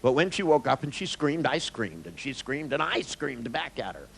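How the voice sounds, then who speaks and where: A man's voice: mid-range voice, big pitch swings, normal speed, creaky, fairly bright tone, slight background noise, rough recording. A man, a therapist, giving a live seminar talk, telling stories with jokes and blunt swearing. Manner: joking, storytelling, blunt, with swearing.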